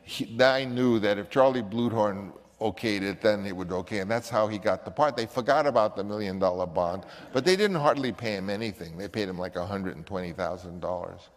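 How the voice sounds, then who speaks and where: An older man, a filmmaker, telling an anecdote in an animated way and acting out the voices of others. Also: fairly low pitch, brisk, hardly any pauses, in a large hall. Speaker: filmmaker recounting a story. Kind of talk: anecdotal storytelling.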